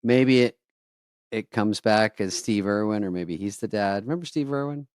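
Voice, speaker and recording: A man in his sixties co-hosting a podcast with wry, deadpan asides while reading out news items. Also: on the low side, normal speed, clear, resonant tone, dry recording, studio quality. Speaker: podcast co-host and comedian. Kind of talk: casual comedic chat.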